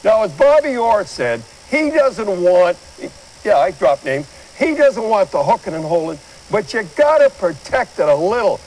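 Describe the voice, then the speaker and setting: A man's voice: high-pitched, sing-song, moderate pace, a little mellow, poor audio. An older man giving blunt, rambling hockey commentary and pointing viewers at replays in a studio. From Canada. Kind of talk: opinionated sports commentary.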